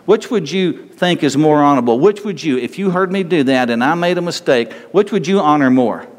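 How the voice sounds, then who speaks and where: A man's voice: fairly high pitch, lively intonation, a little fast. An older man preaching a sermon as pastor, emphatic and repetitive, asking the congregation rhetorical questions. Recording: long reverb of a large hall.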